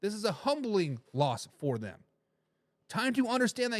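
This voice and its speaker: Animated, high-voiced male sports host. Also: normal speed, dry recording. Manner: animated, rambling, swings between loud and low; addresses viewers directly. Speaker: sports talk show host. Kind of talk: casual sports talk with live chat.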